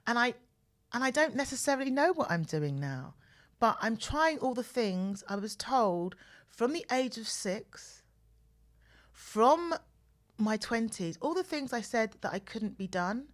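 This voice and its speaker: A woman in her forties hosting a podcast, telling personal stories in an animated way and repeating phrases for emphasis, close to the mic. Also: mid-range voice. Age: 40s. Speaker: podcast host. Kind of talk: personal storytelling monologue. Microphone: mic close to the mouth.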